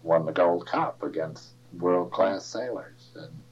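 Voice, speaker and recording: A man's voice: low-pitched, takes it slowly, darkish tone, breathy edge, faint music behind. An older man casually reminiscing about sailing days, rambling and chuckling as he tells stories. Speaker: interviewee. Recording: dull lo-fi recording.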